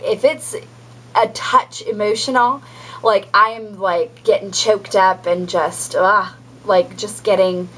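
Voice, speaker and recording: Young woman, breathy voice, loose casual vlog chat full of fillers. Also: medium pitch, a bit bright, poor audio. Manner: chatty, many ums and likes. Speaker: vlogger. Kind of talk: casual pregnancy update vlog.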